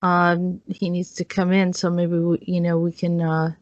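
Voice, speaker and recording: A woman hosting over a video call, talking in a rambling way full of fillers. Her voice sits a bit low, and the audio is muffled and dry. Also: completely flat delivery, a little slow, no echo. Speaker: host. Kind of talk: casual online chat.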